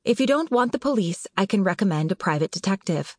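A woman narrator voicing a young woman lawyer who keeps her voice even and her words short. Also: mid-range voice, fast talker, dry recording, studio quality, natural voice. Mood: firm.

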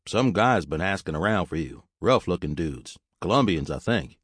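A man's voice: low voice, animated, moderate pace, breathy edge, no echo, clean studio sound. A man doing a flustered, worried burger-shack owner. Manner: flustered, pleading.

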